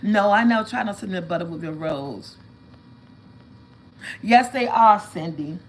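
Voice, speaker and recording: A woman talks casually to her livestream viewers, swinging into lively, animated storytelling. Her voice sits at an ordinary middle pitch. A faint hiss runs underneath the recording. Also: a little slow, rough recording. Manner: chatty, animated storytelling, addresses viewers as y'all. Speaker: vlog host.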